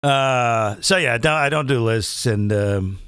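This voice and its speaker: A middle-aged man hosting his own show as a comedian and impressionist, talking in a chatty, self-mocking ramble full of quick asides. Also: mid-range voice, a bit bright, clear, resonant tone, no echo, clean studio sound. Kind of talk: casual rambling monologue.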